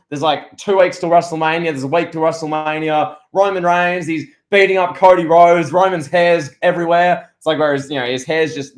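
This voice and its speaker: A man co-hosting a casual wrestling podcast, talking in a rambling, excitable way with lots of restarts. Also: on the high side. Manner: rambling, excitable, full of restarts and playful impressions. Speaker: podcast co-host.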